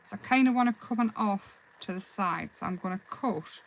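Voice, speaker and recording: A woman hosting a live craft demonstration, chatting in a relaxed, rambling way and answering viewers' comments as she works. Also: medium pitch, moderate pace, slight background noise, low-quality recording. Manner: relaxed, self-deprecating. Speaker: craft livestream host.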